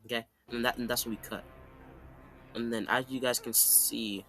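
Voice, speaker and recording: A man's voice: mid-range voice, little pitch movement, normal speed, bright, forceful tone, faint music behind. A man casually recapping an anime fight in a rambling, slangy way, often checking in with "okay?". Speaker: anime commentator.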